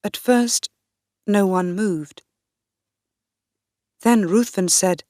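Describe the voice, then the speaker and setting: A woman narrating a graded reader audiobook in the first person, reading slowly and clearly. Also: mid-range voice, dark tone, dry recording, studio quality. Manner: slow, clear, deliberate reading.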